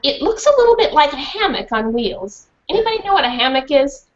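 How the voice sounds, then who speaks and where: A high, brisk female voice belongs to a children's author reading a storybook to a school class. She's animated and puts questions to the children, and the recording is dull and lo-fi.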